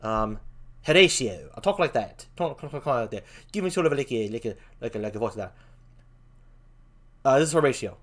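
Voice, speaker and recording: A man's voice: medium pitch, brisk, pauses often. An older man hosting a casual read-through of a play, chatting in asides between parts. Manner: animated, chatty asides, swears and laughs. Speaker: host reading a play aloud. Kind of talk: casual dramatic reading.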